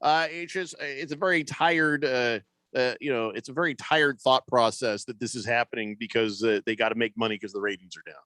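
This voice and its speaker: A man co-hosting a sports radio show, joking around and slipping into quick put-on voices. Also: medium pitch, sharp tone, no echo. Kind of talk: casual sports talk banter. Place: radio studio.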